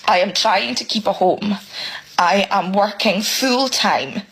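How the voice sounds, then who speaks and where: A British woman ranting emotionally in a selfie vlog about money, swearing and halting as she speaks. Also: medium pitch, fairly bright tone, husky, poor audio. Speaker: single parent venting.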